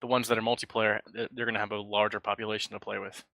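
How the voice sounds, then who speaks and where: A man co-hosting a casual gaming podcast, upbeat and telling quick stories. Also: fairly low pitch, flat delivery, gravelly, pushed and bright, no room sound. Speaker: podcast co-host.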